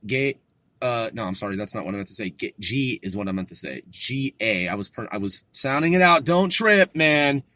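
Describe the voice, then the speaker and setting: A man's voice: on the low side, lively intonation, brisk, pushed and bright, no room sound. A man casually going over his study notes, joking and swearing as he sounds words out. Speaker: self-taught learner teaching vocabulary. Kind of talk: casual solo study podcast.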